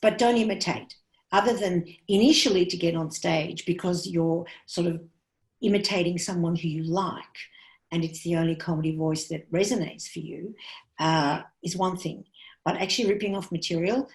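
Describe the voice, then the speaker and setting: A woman's voice: fairly low pitch, steady tone, normal speed, a little mellow. A woman comedian, teaching comedy writing in a chatty, frank way with many restarts. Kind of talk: casual talk to a class. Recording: roomy echo.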